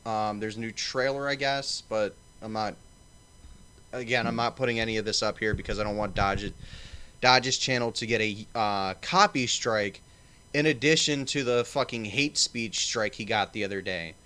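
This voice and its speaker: A man's voice: on the low side, normal speed, bright, forceful tone, clear, resonant tone. A man hosting a casual livestream panel, swearing and rambling with lots of fillers. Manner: profane, rambling, filler-heavy. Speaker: stream host.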